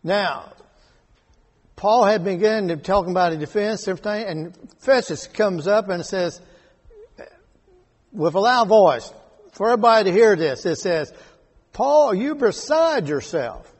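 A man leading a Bible study, reading verses and explaining them slowly and deliberately. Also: high voice, husky. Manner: slow and deliberate, rereading scripture verses aloud. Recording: echoey hall with long reverb.

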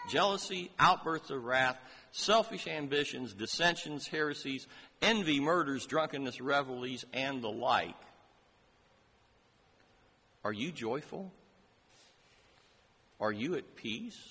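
Slow, emphatic preacher in a reverberant hall. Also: male voice, mid-range voice, pushed and bright, breathy edge. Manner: slow, emphatic preaching with rising rhetorical questions. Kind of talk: sermon. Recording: long reverb of a large hall.

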